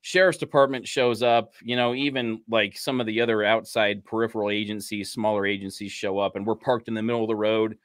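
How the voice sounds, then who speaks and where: This is a man with a low voice telling stories from his police work in a loose, easygoing chat. He leans on "you know" again and again and laughs at his own tales. The sound is dry and close. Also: fairly even intonation, a little fast, hardly any pauses, a bit bright, no room sound. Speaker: podcast host, police officer. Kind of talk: casual storytelling chat.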